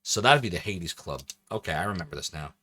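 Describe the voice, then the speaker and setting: A man's voice: low voice, expressive, fast, pushed and bright, breathy edge. A man casually commentating as he streams a video game, thinking aloud and joking as he plays. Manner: chatty, thinks aloud, jokey.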